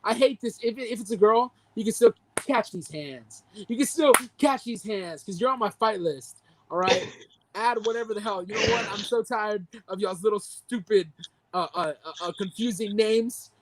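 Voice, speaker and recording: Young podcast co-host, indignant profane rant, mid-pitched voice, heated delivery. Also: moderate pace, noisy background. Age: young adult. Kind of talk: ranting movie-review reaction.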